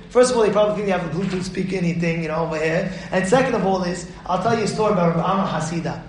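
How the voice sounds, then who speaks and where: A man giving a rabbi's sermon on the weekly Torah portion, fiery and animated, bursting into shouts as he acts out stories. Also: sits high, racing, heavy reverb, poor audio.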